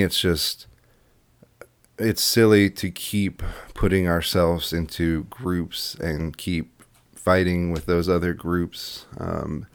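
A man's voice: low-pitched, no room sound. A man guest in a casual podcast interview, talking in a rambling way with many fillers and restarts. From Iowa. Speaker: podcast guest, political candidate.

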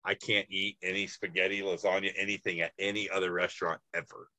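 A man with a low voice and a forceful, punchy edge, appearing as a podcast guest. He tells his stories in an animated way, and the recording is dry and close to the mic. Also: fast talker, no echo, rough recording. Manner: animated storyteller. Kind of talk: casual podcast chat.

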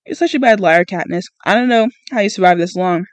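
Reader doing a feverish teenage boy, dry teasing, storybook reading, mid pitch, dry close sound. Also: brisk, no room sound, natural voice. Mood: wry. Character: feverish wounded teenage boy, wry and gentle.

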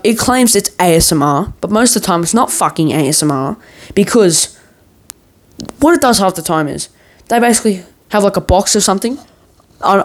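A man in a worked-up, profane ranting monologue, swearing nearly every sentence as a vlogger. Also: high voice.

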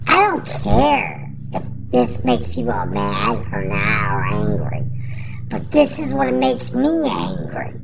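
A woman's voice: a little high, wildly swooping pitch, slow pace, creaky, a crowd in the background. A woman in a casual rant to camera, rambling and repeating herself as she complains with indignation. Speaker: vlogger. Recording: dull lo-fi recording.

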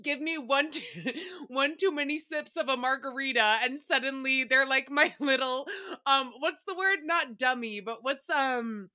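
A woman hosting a solo recap podcast, her voice bright and fairly high. She rambles in a chatty, animated way and swears freely. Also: measured pace. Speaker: podcast host.

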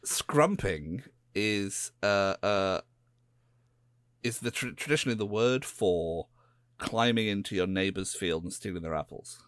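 A man's voice: fairly low pitch, measured pace, dry recording, studio quality. A man with an English West Country accent, co-hosting a podcast in laid-back, rambling casual chat. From England. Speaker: podcast co-host.

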